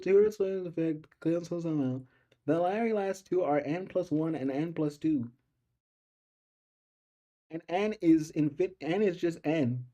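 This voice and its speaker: A man's voice: on the high side, animated, moderate pace, dark tone, dull audio. A young man studying calculus on a casual stream, thinking aloud and repeating his questions as he works through the problem.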